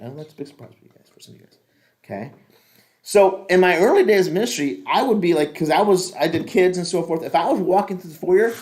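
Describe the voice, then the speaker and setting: A middle-aged man, a pastor, teaching a leadership class in a casual, rambling, joking way with many restarts. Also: high-pitched.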